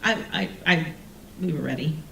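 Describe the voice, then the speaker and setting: A woman telling a personal story on stage, animated and self-mocking, acting out the people she quotes. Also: deep voice, moderate pace, vocal fry, a little hiss or hum. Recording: roomy sound from a distant mic with faint ambience.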